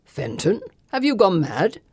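A woman voicing an indignant older gentleman at a ball. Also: sits high, very animated, measured pace, slightly rough, no echo, clean studio sound, full character voice. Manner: indignant, blustering.

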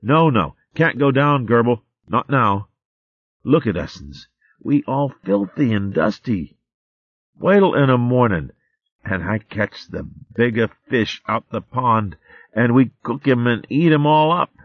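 A cheeky, boastful tiny squirrel babe from a storybook who talks in babyish broken grammar, as a man puts him on. the voice is pitched high for the reader and bounces about. the recording is dry and a little dull. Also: animated, slow, no room sound.

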